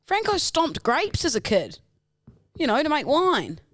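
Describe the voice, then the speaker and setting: A giggly woman from New Zealand co-hosting a podcast, her pitch rising and dipping a lot as she rambles. The sound is dry and close-miked. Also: wildly swooping pitch, measured pace, a bit bright, no room sound. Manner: giggly, rambling, tries silly accents. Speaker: podcast co-host. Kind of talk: casual chat.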